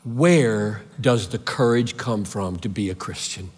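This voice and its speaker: A man's voice: lowish voice, a little slow, slightly rough. A man preaching a sermon with fervor, driving his points home through repeated rhetorical questions. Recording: long hall reverb.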